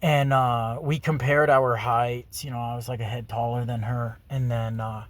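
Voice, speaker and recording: A man's voice: mid-range voice, flat delivery, normal speed, no room sound. A man telling a crude story in a profane, rambling, self-mocking way. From Canada. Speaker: podcast host.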